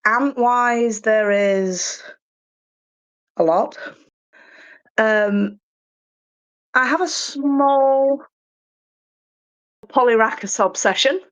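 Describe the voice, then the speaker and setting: A woman's voice: a little high, extremely slow, long pauses. A woman guest on a podcast chatting casually and self-deprecatingly, with many ums. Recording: slightly muffled lo-fi sound.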